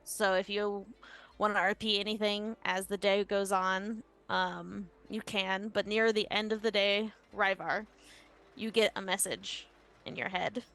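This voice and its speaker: A woman game master narrating a tabletop session in a chatty, casual way. Her voice sits in a middle pitch, full of fillers and quick laughing asides as she calls for rolls. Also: fairly even intonation, a bit bright.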